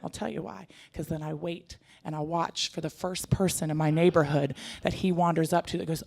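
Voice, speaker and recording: A woman in her thirties performing a stand-up comedy set, animated and jokey, jumping into put-on voices. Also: sits low, fairly quick, vocal fry, few pauses. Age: 30s. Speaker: stand-up comic.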